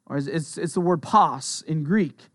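A man with a high voice preaches a sermon in an easy, conversational manner. He talks earnestly and tosses in quick asides. His voice sounds dry and close, with no room echo. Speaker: pastor.

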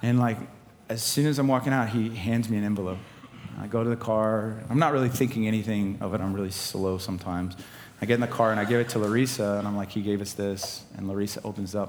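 Animated preaching man in a reverberant hall. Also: on the low side, fast, a little hiss or hum. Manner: animated, laughing, swinging from loud preaching to quiet storytelling. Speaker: pastor. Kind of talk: sermon with personal story. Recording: live hall with long reverb and faint ambience.

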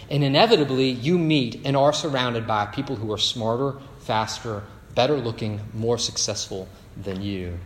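A man's voice: medium pitch, slight background noise. A male pastor preaching a sermon, telling stories and tossing in rhetorical asides. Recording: echoey hall with faint ambience.

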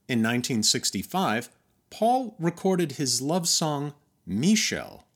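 An American man hosting a podcast, reading scripted narration in a measured, wry, emphatic way. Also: medium pitch, fairly bright tone, husky. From United States. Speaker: podcast host.

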